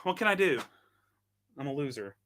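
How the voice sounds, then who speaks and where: Chatty man demoing gear, bright voice. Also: a little high, animated, normal speed. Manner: chatty, self-deprecating, thinks aloud while tinkering. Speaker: host. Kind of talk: casual live product demo.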